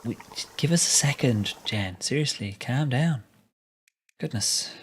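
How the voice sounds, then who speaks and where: A man's voice: medium pitch, animated, a little slow, a bit bright, slight background noise. A man with a Dublin Irish accent, chatting easily with viewers while streaming a game and laughing often. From Ireland. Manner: chatty and easygoing, laughs often, answers chat messages. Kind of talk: live gameplay commentary, chatting with viewers. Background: music.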